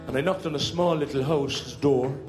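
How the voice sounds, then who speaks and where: A man's voice: mid-range voice, normal speed. A man telling comic stories on stage in a chatty, breezy way, breaking into short sung ditties. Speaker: stand-up comedian. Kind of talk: live comic storytelling. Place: stage at a hotel show. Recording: live stage, audience laughter, music.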